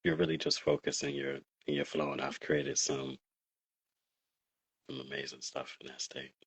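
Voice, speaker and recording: Deep gravelly male interviewer. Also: huge pitch swings, moderate pace, dry recording. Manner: rambling, searching questions with fillers. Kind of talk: interview questions.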